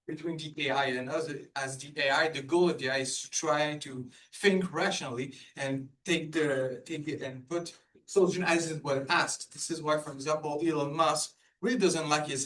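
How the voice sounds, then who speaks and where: Halting man asking a question. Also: fairly high pitch, a bit bright, low-quality recording. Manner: halting, full of fillers and restarts. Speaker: audience member asking a question. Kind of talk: hesitant spoken question.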